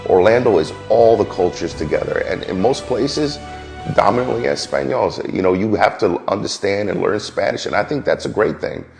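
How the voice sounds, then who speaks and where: A man in his forties from New York, a military veteran, speaking candidly and reflectively about his life, often pausing and restarting. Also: low voice, a little mellow. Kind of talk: personal testimony.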